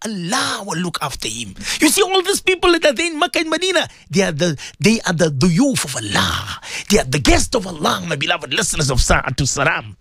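A man's voice: high voice, sing-song, brisk, a bit bright, no echo, clean studio sound. A man presenting religious radio talk, praying and preaching fervently with repeated pleading phrases.

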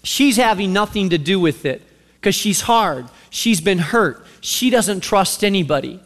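A male pastor preaching a sermon in an animated storytelling way, asking the audience direct questions, in a church sanctuary. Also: high voice, measured pace. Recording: long reverb of a large hall.

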